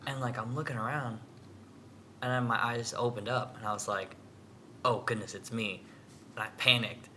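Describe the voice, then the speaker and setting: Very bright young man telling stories. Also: medium pitch, fairly quick, a little hiss or hum. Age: young adult. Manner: animated storytelling with quoted voices. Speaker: guest, young sailor. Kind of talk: casual chat.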